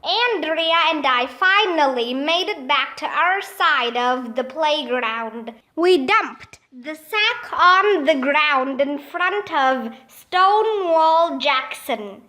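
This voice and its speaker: A woman reads a children's chapter book aloud at an unhurried pace. Her voice sits high and bright, and it leaps upward whenever a character shouts. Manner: jumps up in pitch for excited characters' shouts. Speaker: storybook reader.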